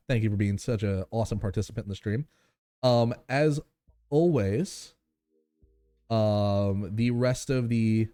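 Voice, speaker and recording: A man streaming a game and reading it aloud, chatting in a relaxed way with drawn-out fillers. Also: fairly low pitch, dry recording.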